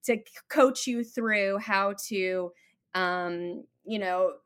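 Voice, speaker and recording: A woman's voice: mid-range voice, slow pace, a bit bright, clean tone. A woman hosting a podcast, thoughtfully summing up what her guest said with enthusiasm. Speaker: podcast host. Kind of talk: interview host reflecting.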